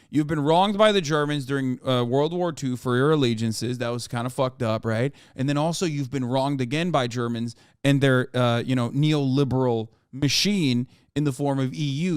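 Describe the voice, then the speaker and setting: A man hosting a casual reaction stream, animated, profane and sarcastic. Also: mid-range voice, smooth, dry recording, studio quality. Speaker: streamer host.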